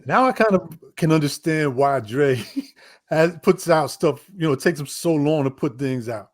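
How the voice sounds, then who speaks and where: A man's voice: on the high side, expressive, moderate pace. A man hosting a casual interview, agreeable and curious, often answering "right, right".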